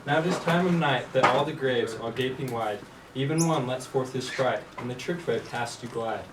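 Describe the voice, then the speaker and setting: A man reciting rhymed verse as Puck on an amateur stage, in a measured, rhythmic way. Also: medium pitch. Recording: echoey room, distant mic, noisy.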